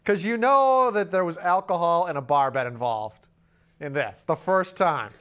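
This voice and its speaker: A man's voice: a little high, animated, normal speed, fairly bright tone, smooth. A man hosting a podcast, telling a rambling, wry comic story and slipping into silly voices for the people in it. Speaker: podcast host. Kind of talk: casual comic monologue.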